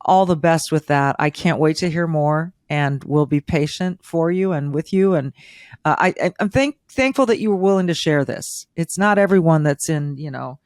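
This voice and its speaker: A woman's voice: lowish voice, moderate pace, a little mellow, no room sound, studio quality. A middle-aged woman hosting a podcast interview, emotional and rambling, with many restarts. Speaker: podcast host.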